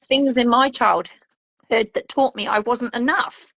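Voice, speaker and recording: A woman, a mother telling her story in a lively, animated way and acting out her own inner voice. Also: fairly high pitch, a little slow, no room sound, low-quality recording. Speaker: guest, a mother. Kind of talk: casual conversational chat.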